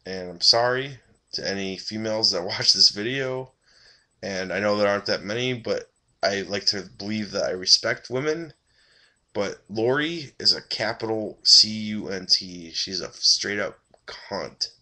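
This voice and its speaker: A man's voice: on the low side, measured pace, bright, forceful tone. A tired man giving a rambling, blunt and profane casual review of a TV episode.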